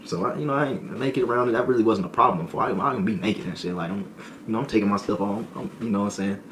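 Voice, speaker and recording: Deep-voiced young man telling a comic story. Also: rapid-fire, slight background noise. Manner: animated slang-heavy storytelling, repeating "boy" and "folk"; laughs often, repeats lines for effect. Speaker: streamer. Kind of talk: comedic storytime.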